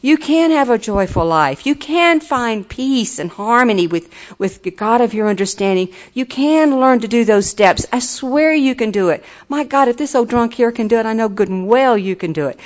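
A woman's voice: fairly high pitch, lively intonation, normal speed, few pauses. Folksy older woman, muffled. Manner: earnest, folksy, turns enthusiastic and laughing. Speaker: recovery meeting speaker. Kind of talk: personal testimony talk.

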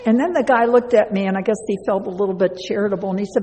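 A woman's voice: medium pitch, very fast, few pauses, mellow. A woman giving a chatty personal testimony to a live audience, laughing often and speaking to listeners directly. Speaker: speaker sharing a recovery story. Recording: long hall reverb.

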